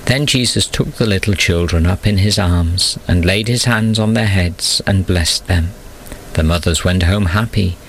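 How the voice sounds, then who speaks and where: Deep-voiced man calmly reading a Bible story. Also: slight background noise, poor audio. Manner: calm, measured storytelling. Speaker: narrator.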